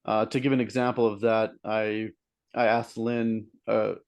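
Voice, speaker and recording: A man's voice: fairly low pitch, flat delivery, measured pace. A young man talking casually as a guest teacher, meandering with many "likes" and "ums". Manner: meandering and hesitant, full of "like" and "um". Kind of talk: casual explanatory talk.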